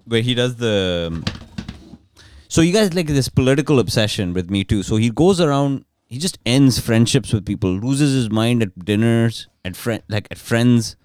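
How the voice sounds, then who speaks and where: A man's voice: medium pitch, normal speed, few pauses, a little mellow, clean tone, no room sound, clean studio sound. A man in casual podcast chat, telling a long rambling story with restarts and crude jokes.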